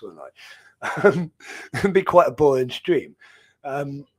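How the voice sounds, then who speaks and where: Brief: male streamer, thirties, rambling and jokey, lively up-and-down pitch, fairly high voice. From England. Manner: rambling, jokey, laughs often. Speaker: live stream host. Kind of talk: casual live-stream chat.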